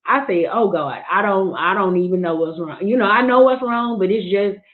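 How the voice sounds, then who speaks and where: A livestream guest opens up about her grief, her medium-pitched voice moving at a moderate pace. Her talk is earnest, frank and casual, with frequent restarts, and the audio sounds thin and phone-like.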